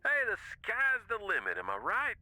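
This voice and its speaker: An actor voicing a wisecracking young husband with a Southern US accent, drawling and joking in folksy slang. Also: male voice, sits high, wildly swooping pitch, moderate pace, pushed and bright, no echo, full character voice, rough recording. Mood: easygoing.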